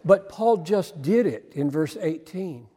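A man preaches with fervor, pressing his points through repetition and sudden emphasis. His voice sits high for a man. The sound carries the long reverb of a big hall. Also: expressive, slow, warm tone, slightly rough. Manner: impassioned, emphatic, repeats words for stress. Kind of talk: sermon.

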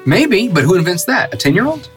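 A man's voice: high-pitched, big pitch swings, a little fast, a bit bright, faint music behind. A man co-hosting a podcast, joking with quips and wordplay in casual chat. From Northern Ireland. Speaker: podcast co-host.

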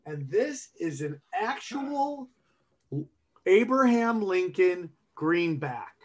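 A man co-hosts a comedy podcast, joking around loosely and profanely and calling people "dude" and "man." His voice is high-pitched and very animated, yet he speaks slowly.

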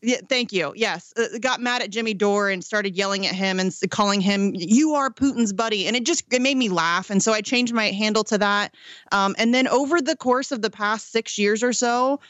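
A political activist from Ohio, USA, talks casually as a radio guest, chatty and laughing often, with lots of ums and restarts. Her voice is mid-range, a bit bright and at normal speed, with no room sound.

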